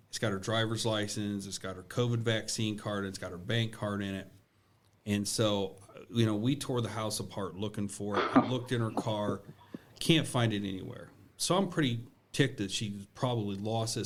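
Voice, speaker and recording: A man on a podcast casually telling a story about his daughter, sounding exasperated. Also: on the low side. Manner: exasperated dad telling a family anecdote.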